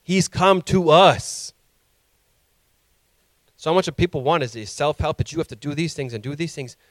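A man's voice: on the high side, normal speed, dry recording. A male pastor preaching a sermon with impassioned emphasis that rises to emphatic peaks.

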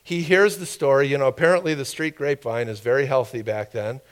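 A man preaches to his congregation in an easygoing, conversational style. His voice sits at an ordinary middle pitch, and he breaks off now and then for quick asides and questions to the people in front of him. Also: steady tone. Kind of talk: conversational sermon.

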